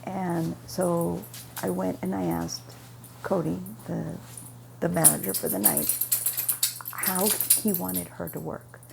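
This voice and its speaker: A woman's voice: lowish voice, slow, gravelly, noisy background. A woman vlogger telling a casual story about her day, rambling, backtracking and correcting herself mid-sentence. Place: at home with her dog nearby.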